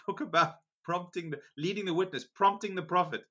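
A male preacher reading scripture aloud and stopping for amused, animated asides. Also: high-pitched, brisk, highs cut off. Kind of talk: sermon reading scripture with commentary.

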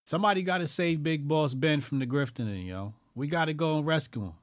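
Animated, profane man hosting commentary. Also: fairly high pitch, brisk, dry recording. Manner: animated, profane, repeats phrases for emphasis. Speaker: call-in show host. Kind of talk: casual commentary.

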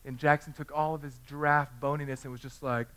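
A man's voice: fairly high pitch, level tone, fast, fairly bright tone, clear, resonant tone. A man in his thirties preaching a sermon in a conversational, self-deprecating way, telling personal stories. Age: 30s. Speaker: pastor.

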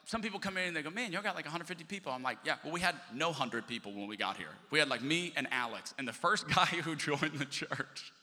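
A man's voice: fairly high pitch, expressive, fairly quick, hardly any pauses, bright, forceful tone. A man preaching a sermon as pastor, chatty and joking with his congregation. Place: church sanctuary. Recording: long hall reverb.

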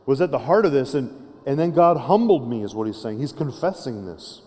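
A man's voice: mid-range voice, lively intonation, normal speed, darkish tone. A man preaching a sermon in a casual, conversational way, often restarting phrases and checking in with his listeners. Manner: conversational preaching with frequent restarts and tag questions. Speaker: pastor. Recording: long reverb of a large hall.

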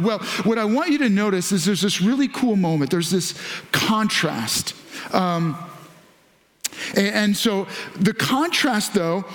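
A male pastor preaching a sermon to several campuses, animated, lifting his voice when he quotes scripture. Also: high-pitched, a little slow. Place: large church auditorium. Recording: echoey hall.

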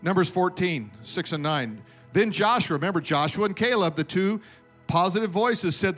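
A man preaching from the pulpit in a high, ringing voice, driving his points home and calling for amens from the church. Faint music plays quietly beneath his sermon. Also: expressive, moderate pace. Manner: emphatic preaching, calls for amens. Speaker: pastor. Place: church sanctuary with congregation.

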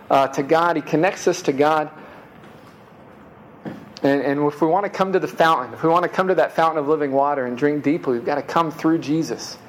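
A man preaching in a relaxed, chatty way with a somewhat high voice. He sprinkles in quick asides and often trips back over a word before pressing on. A faint hum sits behind him. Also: poor audio. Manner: casual conversational preaching, frequent "man" and "right?" asides; repeats words while restarting. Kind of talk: sermon.

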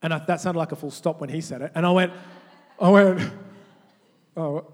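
High-voiced male pastor in a hall. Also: fast talker. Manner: animated, repeats words when restarting. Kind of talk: sermon with call-and-response. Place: large church hall. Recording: long hall reverb.

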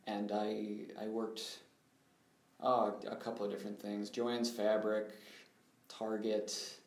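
A man's voice: lowish voice, monotone, slow. A young man, a guest in an interview, recounting his life story in an earnest, reflective way. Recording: roomy echo.

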